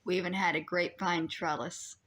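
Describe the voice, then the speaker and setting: A woman's voice: lowish voice, fairly even intonation, fairly quick, fairly bright tone, slightly rough. Chatty woman reacting to an old show. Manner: chatty, rambling, reflective. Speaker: reaction streamer. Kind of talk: casual reaction commentary.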